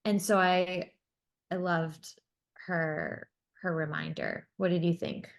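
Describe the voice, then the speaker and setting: A woman's voice: on the low side, fairly even intonation, slow pace, vocal fry. A young woman co-hosting a podcast, talking in an earnest, reflective way about her own experience. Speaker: podcast co-host. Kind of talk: casual chat.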